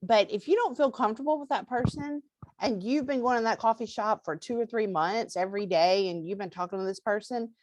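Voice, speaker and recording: A woman's voice: medium pitch, a little fast, a little mellow, dry recording. A woman guest in a casual interview, bubbly and encouraging, laughing often as she gives advice.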